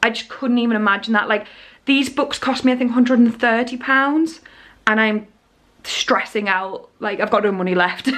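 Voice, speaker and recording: A woman in her thirties from England, talking casually to camera at home in a daily vlog, chatty and excitable, often restarting her sentences. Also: on the high side, normal speed. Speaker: vlogger. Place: cold living room at home.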